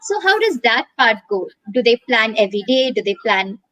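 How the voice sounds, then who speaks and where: A woman host with a fairly high voice leads a relaxed conversation. She listens closely, sums up her guest's points and asks follow-up questions. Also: moderate pace, poor audio. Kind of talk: casual conversation.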